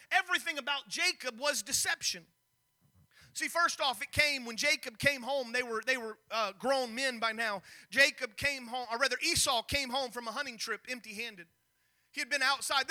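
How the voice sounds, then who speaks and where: A man preaching a sermon, telling a story with many restarts and acted-out scenes. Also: very high-pitched. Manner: storytelling, animated, with repeated restarts.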